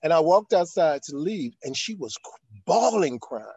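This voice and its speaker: A man's voice: on the high side, very animated, normal speed, mellow, slightly rough, dry recording, dull audio. An older man, an actor, telling a long anecdote in an interview, acting out quotes and using frequent fillers. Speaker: actor guest. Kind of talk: storytelling in an interview.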